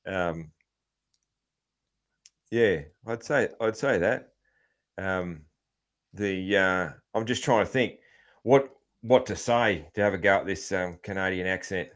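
Australian man, low-pitched, casual podcast host, rambling, swears a lot. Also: slow, long pauses. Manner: rambling, swears freely, many ums and restarts. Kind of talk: casual chat.

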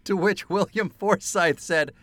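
A man's voice: sits high, a little slow, dry recording. A man co-hosting a casual film podcast, telling anecdotes with frequent swearing and laughter. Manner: animated, profane, laughs often while telling anecdotes. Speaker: podcast co-host. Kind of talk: casual film-review chat.

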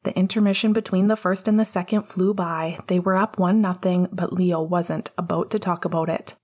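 A woman narrating a fan-fiction audiobook with steady storytelling, giving the dialogue small character voices. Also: lowish voice, moderate pace.

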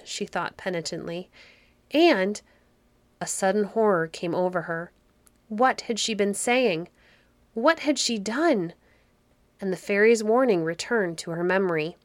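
A woman narrating a fairy story for a podcast in a soft, cozy, unhurried manner. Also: mid-range voice, lively intonation, no echo.

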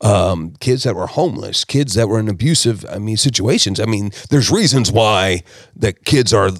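A man from South Texas, telling his personal story as a podcast guest in an emphatic, animated way. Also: fairly low pitch, normal speed, no echo, studio quality.

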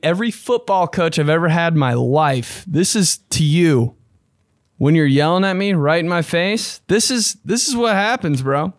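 Excitable swearing young man podcasting. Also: no room sound, studio quality. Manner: excitable, swearing, slangy, jumps into high mocking voices when quoting. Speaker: podcast host. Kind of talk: casual podcast monologue.

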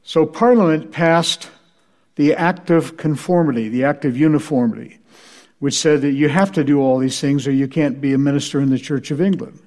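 A man's voice: fairly high pitch, normal speed, a little mellow. A male preacher giving a church history lecture, telling anecdotes with dry humor. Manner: dry, wry storytelling.

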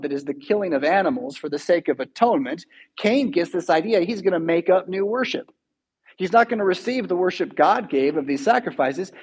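Guy preaching in church, chatty storytelling, husky kinda high voice. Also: darkish tone. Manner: casual, conversational storytelling. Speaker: pastor. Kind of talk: sermon.

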